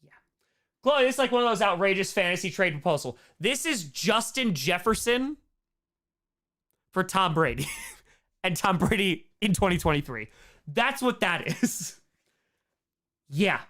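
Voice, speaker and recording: Animated, jokey male history teacher. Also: high-pitched. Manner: animated and jokey, with sarcastic asides and quick mock dialogue. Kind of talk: live-streamed history lesson with chat Q&A.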